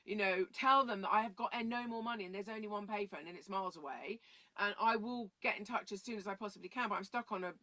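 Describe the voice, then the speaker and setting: A woman tells stories in a rambling, casual way, drifting off on tangents. Her voice is bright and clear, and she jumps into much higher pitches when she acts out what others said. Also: fast talker. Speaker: guest. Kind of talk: casual storytelling.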